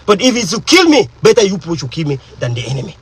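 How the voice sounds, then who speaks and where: A woman giving an impassioned political monologue as an activist, emphatic and full of rhetorical questions, with a husky voice. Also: lowish voice, big pitch swings, fast talker, poor audio.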